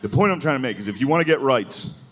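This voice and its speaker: A man's voice: mid-range voice, lively intonation, fast talker, fairly bright tone, slight background noise. A man doing a live stand-up set on stage, talking loosely, laughing at his own jokes and slipping into mocking voices. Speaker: stand-up comedian. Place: stage before a live audience. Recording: live show with crowd laughter. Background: audience laughing.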